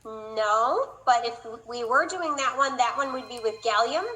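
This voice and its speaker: A woman's voice: a little high, a little slow, sharp tone, slight background noise, poor audio. A woman teaching a class, explaining procedures and teasing her students in a playful way. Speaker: instructor. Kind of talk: classroom lecture.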